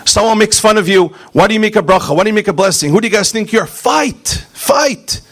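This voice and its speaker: A man, a rabbi, preaching a fiery sermon, punching out single words and then dropping to quiet asides. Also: sits high, lively intonation, brisk. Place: synagogue.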